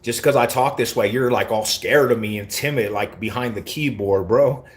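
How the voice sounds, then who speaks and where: This man from Colorado has a mid-range voice and speaks at a moderate pace. He's live-streaming, reading his chat and answering it in brash, confrontational street slang, in casual live-stream talk.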